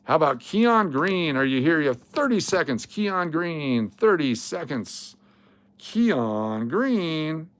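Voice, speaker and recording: A man's voice: a little high, sing-song, slow pace, a bit bright, no room sound. A man hosting a casual livestream, blunt and sarcastic, swearing now and then. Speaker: livestream host.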